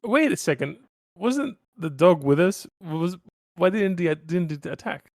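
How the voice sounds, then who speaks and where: A man playing a tabletop game, chatting casually and asking quick questions. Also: high voice, animated, a little mellow, dry recording, studio quality. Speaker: player.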